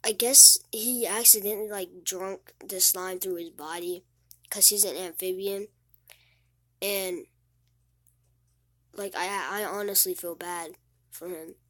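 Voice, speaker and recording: A teenage girl talks straight to the camera in a halting, rambling way, stumbling over and repeating her words. She sounds sad and close to tears. Her voice sits at an ordinary pitch and is recorded close and dry, with no room sound. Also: fairly even intonation, fairly bright tone, no echo. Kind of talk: casual vlog monologue.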